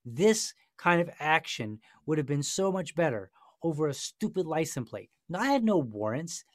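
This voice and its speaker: A man's voice: on the high side, sing-song, normal speed, no room sound. A man hosting a podcast discussion, telling a story in a passionate, sarcastic way. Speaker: podcast host. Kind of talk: casual discussion.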